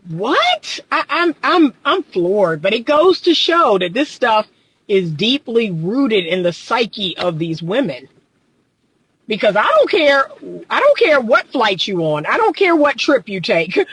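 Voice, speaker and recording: A woman's voice: a little high, breathy edge, poor audio. A woman relationship coach talking on a livestream, reading out viewer comments and pushing back with emphatic, exasperated rhetorical questions and frequent laughter. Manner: animated, laughs often.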